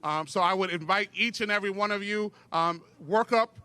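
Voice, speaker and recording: A man in his forties giving an energetic outdoor rally speech, leading call-and-response with plenty of ums. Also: sits high, a little fast, smooth. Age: 40s. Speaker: event speaker, business owner. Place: outdoor city plaza event.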